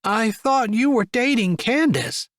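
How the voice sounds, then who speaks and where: A prim middle-aged aunt , played by a male narrator, scolds in a high, clipped voice. She sounds strict and proper, in a storybook romance read close and dry. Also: animated, a little slow, a bit bright, dry recording, exaggerated voice. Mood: stern.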